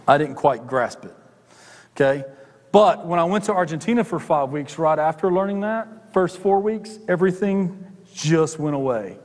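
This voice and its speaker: In a hall with long reverb, a middle-aged male pastor preaches in a conversational way, tossing joking asides to the congregation. His voice is slightly high and darkish, animated, at a normal pace.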